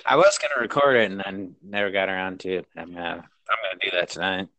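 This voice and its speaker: An easygoing man co-hosting a casual sports podcast, mostly agreeing and chatting. His voice is quite low, and it is recorded close and dry. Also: fairly even intonation, fast talker, sharp tone, dry recording, rough recording. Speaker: podcast co-host.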